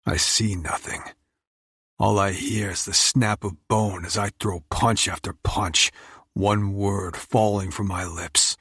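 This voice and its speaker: A man narrating a first-person romance audiobook in an intense, measured, brooding way. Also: deep voice, a bit bright, breathy edge, no room sound, clean studio sound.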